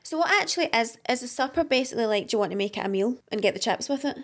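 A woman's voice: on the high side, lively intonation, racing, a bit bright. A young woman with a Lanarkshire Scottish accent, co-hosting a casual podcast chat. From Scotland. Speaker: podcast co-host.

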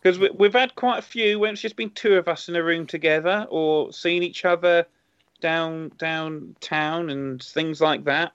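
A man's voice: a little high, a little slow, a bit bright, clean tone, no echo. A man, a comedian on a podcast, chatting casually in a playful, teasing way. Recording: dry, dull lo-fi sound.

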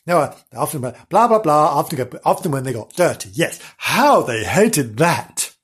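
A man's voice: fairly high pitch, lively intonation, normal speed, husky. A man reading a comic animal story aloud, breaking off into playful, giggly asides to the listener.

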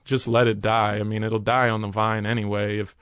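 A man's voice: lowish voice, level tone, a bit bright, no echo. Earnest man telling a story, dry sound. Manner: earnest, halting, many restarts. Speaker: guest. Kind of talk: candid interview storytelling.

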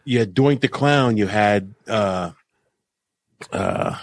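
A man's voice: on the low side, huge pitch swings, slow pace, creaky, no room sound, clean studio sound. A man who used to wrestle professionally, chatting on a podcast, telling stories with frequent laughs and stammered restarts. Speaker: former pro wrestler. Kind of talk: casual podcast chat.

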